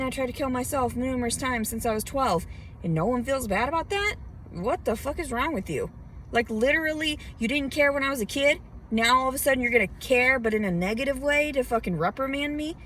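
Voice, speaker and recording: A woman's voice: fairly high pitch, a bit bright. Agitated woman ranting in her car. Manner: agitated, heavily profane ranting. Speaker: vlogger. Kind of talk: venting monologue to camera. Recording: distant mic with faint car noise.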